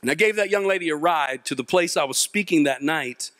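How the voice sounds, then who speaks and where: Speaking fairly quickly in a fairly high voice, a youth mentor and speaker performs a comic story for a live audience on stage. He mocks himself, stays animated, and imitates the people in the story, recorded dry and close.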